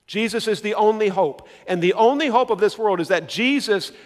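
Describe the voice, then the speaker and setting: A man's voice: high-pitched, normal speed, in a large hall. A male pastor preaching an emphatic sermon, repeating key words and putting questions to the congregation.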